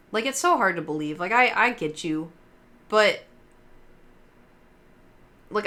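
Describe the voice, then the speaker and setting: A woman's voice: mid-range voice, bright, forceful tone. A young woman streamer telling stories to her chat in a casual, rambling way, full of fillers and swearing. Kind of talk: casual livestream storytelling.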